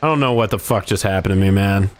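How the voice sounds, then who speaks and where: A man's voice: low voice, fast talker. A young man hosting a casual gaming stream, joking and swearing freely. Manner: profane, joking, breaks into snatches of song. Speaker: streamer host.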